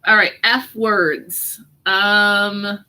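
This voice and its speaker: A woman's voice: mid-range voice, level tone, extremely slow, bright, forceful tone, rough recording. A woman hosting a casual live doodling chat, teasing her kid and reading out viewer comments as she draws. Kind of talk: casual live-stream chat while drawing.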